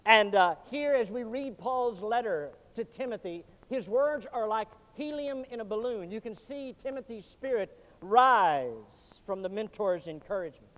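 A man preaching a sermon as pastor, dramatic and swinging from loud to hushed. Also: high-pitched, expressive, unhurried, hardly any pauses. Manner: dramatic preaching with sweeping shifts in volume. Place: church sanctuary. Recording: dull lo-fi sound in a reverberant hall.

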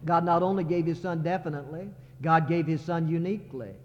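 A man's voice: on the high side, brisk. A man preaching a sermon as a pastor, building to impassioned crescendos. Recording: muffled sermon recording in a reverberant sanctuary.

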